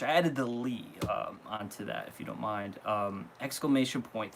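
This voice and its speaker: A man's voice: medium pitch, moderate pace, hardly any pauses, slight background noise. A man hosting a live stream, chatting casually and gushing as he opens gifts, stumbling and backtracking as he goes. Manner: animated, gushing, reads a card aloud and stumbles. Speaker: live-stream host unboxing fan gifts.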